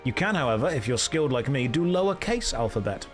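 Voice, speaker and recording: A man streaming a video game, chatting casually with dry, deadpan jokes. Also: mid-range voice, fast, soft background music.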